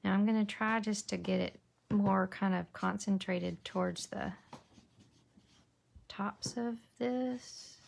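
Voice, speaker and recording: A woman's voice: mid-range voice, steady tone, slow pace, vocal fry. A woman demonstrating a papercraft project, chatting and thinking aloud as she works. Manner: chatty, thinks aloud while working, drops to a whisper while concentrating. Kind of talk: casual crafting tutorial.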